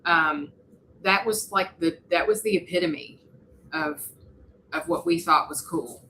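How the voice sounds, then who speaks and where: A woman tells a story on a casual podcast. Her voice sits a little low but rings bright and forceful. She is animated and playful, slipping into other people's voices. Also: measured pace, a little hiss or hum, poor audio. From West Virginia. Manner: animated, laughing, mimics voices in her stories. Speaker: podcast co-host.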